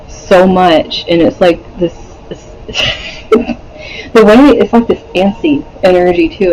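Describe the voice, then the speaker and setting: A man's voice: sits high, darkish tone, a little hiss or hum, low-quality recording. A man doing a casual pick-a-card tarot reading, rambling with many fillers, swearing and laughing often. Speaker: tarot reader.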